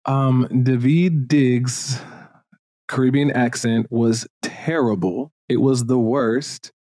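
In a clean, dry studio recording, a podcast host from Jamaica talks slowly in a mid-range voice. The conversation is casual, but he voices strong opinions animatedly and uses frequent fillers.

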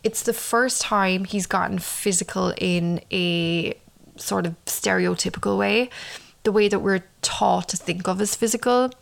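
Gravelly woman narrating a true-crime story. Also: medium pitch. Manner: measured, slowing down for dramatic moments. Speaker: narrator and commentator.

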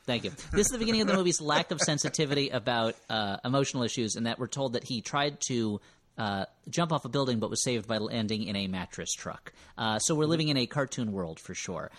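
A man's voice: medium pitch, lively intonation, quick pace, fairly bright tone. A man hosting a podcast, recapping a movie in casual chat with wry, rambling asides and frequent self-corrections. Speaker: podcast host.

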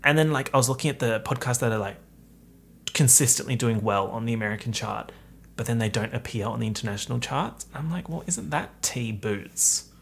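A young man hosting his own podcast, talking casually in a chatty, campy, animated way. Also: mid-range voice, fast talker, creaky, slight background noise. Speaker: podcast host. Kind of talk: casual solo podcast chat.

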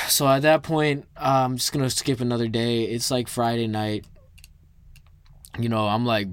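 A man's voice: medium pitch, measured pace, pauses often, clear, resonant tone, dry recording. Young man telling a story casually. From Minnesota. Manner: animated, swears freely, many fillers.

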